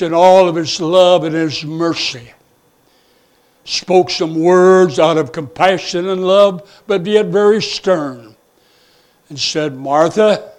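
A man preaching a sermon, retelling a story and stopping often on "and, uh" fillers. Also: fairly high pitch. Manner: storytelling, halting with many "and, uh" fillers.

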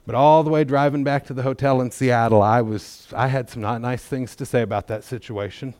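A man's voice: mid-range voice, fairly even intonation, brisk, a little mellow, smooth, no room sound. A middle-aged man giving a testimony in church, talking in a folksy, conversational way with self-deprecating humor. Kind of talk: sermon testimony.

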